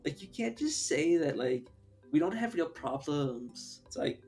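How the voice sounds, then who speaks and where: A man's voice: a little high, big pitch swings, unhurried, darkish tone, soft background music. A young man chatting casually on a live stream, rambling through his opinions, swearing and laughing often.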